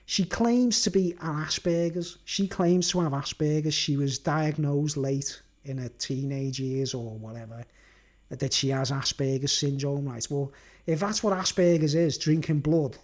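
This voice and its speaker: A man's voice: a little high, unhurried. A man rambling through a casual rant, laughing often and tagging his sentences with "right?" and "mate". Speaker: video blogger. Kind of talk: casual ranting monologue.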